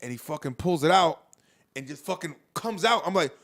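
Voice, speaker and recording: Animated storytelling young man, slightly high. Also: normal speed. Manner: animated, profane, laughs through his story; swings loud and soft acting out quotes. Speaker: podcast cohost. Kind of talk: casual storytelling chat.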